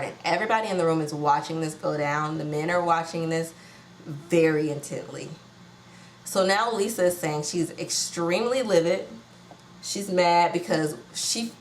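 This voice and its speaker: A slightly low-voiced woman chats through a reality show recap in a gossipy, animated way, slipping into slang and outrage. Her voice bounces around an echoey room with a faint hum of ambience behind it. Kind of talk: casual watch-along commentary.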